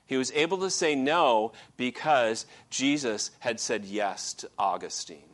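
A man's voice: medium pitch, a little slow. A male pastor preaching a sermon in a conversational way, with frequent "okay" check-ins and fillers.

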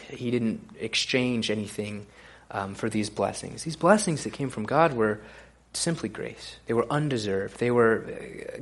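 Male preacher, casual sermon, loose and chatty, lots of ums and restarts. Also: medium pitch. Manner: casual, relaxed delivery with frequent fillers and restarts. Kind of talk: conversational sermon.

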